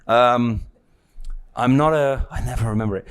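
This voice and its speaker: A man's voice: mid-range voice, moderate pace, clean tone. A man teaching a spiritual lesson to a live audience, talking casually, teasing and checking in often. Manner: conversational, teasing, keeps checking in with "yeah?" and "right?".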